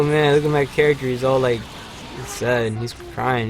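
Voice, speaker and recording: A man hosting a livestream, chatting casually over gameplay with lots of fillers and sudden excited shouts. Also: medium pitch, normal speed, faint music behind. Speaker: livestream host.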